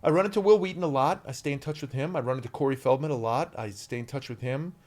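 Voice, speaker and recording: A man in his fifties, an actor guest telling stories in a podcast interview, animated and full of ums, acting out shouted quotes. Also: mid-range voice, fast talker.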